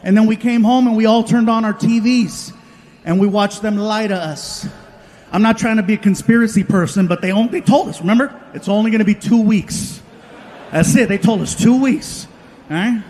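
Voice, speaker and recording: High-voiced man doing animated stand-up. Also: brisk. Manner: animated, acts out voices and shouts punchlines. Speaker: stand-up comedian. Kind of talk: stand-up storytelling. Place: large live venue with audience.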